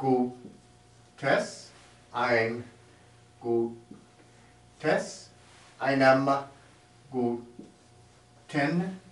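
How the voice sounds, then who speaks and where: Slow-talking man teaching at a board. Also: mid-range voice. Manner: slow, explanatory, writing on a board as he talks. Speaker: German teacher. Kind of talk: classroom grammar lesson. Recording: echoey room, mic far off.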